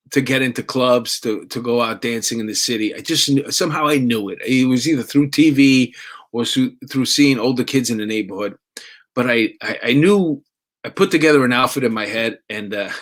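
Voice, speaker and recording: Middle-aged New man telling a story. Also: mid-range voice. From New York. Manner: conversational with laughs and restarts. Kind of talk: personal storytelling.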